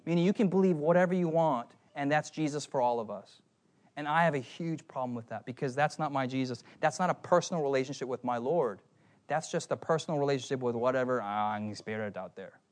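A man preaching at a youth conference in a playful, animated way, often calling out to the audience. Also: medium pitch, a little fast. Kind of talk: sermon.

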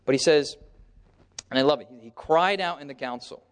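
A man preaching a sermon, pausing to have his listeners call out the missing word and acting out the crowds in brief voices. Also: a little high, clear, resonant tone. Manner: pauses on a word and asks the listeners "what?" so they call out the answer; lively, acts out the crowds in brief character voices. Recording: long hall reverb.

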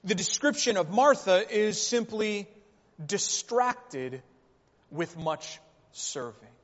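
Male preacher with a high voice, measured sermon delivery, rhetorical questions; long-reverb hall. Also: big pitch swings. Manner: rhetorical questions and repeated phrases. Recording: reverberant hall, dull lo-fi sound.

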